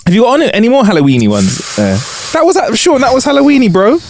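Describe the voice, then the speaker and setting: A man's voice: very high-pitched, big pitch swings, quick pace, darkish tone, slight background noise. A man co-hosting a podcast, chatting casually and laughing along. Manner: easygoing, reacts with laughter. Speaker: podcast co-host. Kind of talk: casual chat.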